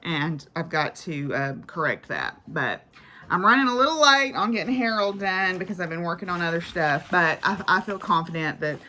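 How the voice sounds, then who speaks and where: Chatty woman with a bright voice. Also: lowish voice, animated, normal speed. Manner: chatty, rambling, frequent "uh" and "so". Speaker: crafting vlogger. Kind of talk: casual chat about craft projects.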